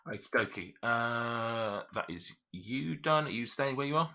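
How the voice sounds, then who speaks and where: A man's voice: mid-range voice, expressive, unhurried, creaky, sharp tone. A man acting as game master for a podcast tabletop game, describing the scene with frequent ums and teasing his players.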